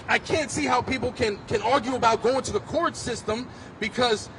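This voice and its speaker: High-voiced man giving fierce testimony. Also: noisy background. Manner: intense storytelling, rising to shouts. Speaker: speaker at a street rally. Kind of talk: impassioned personal testimony. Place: outdoors on a city street.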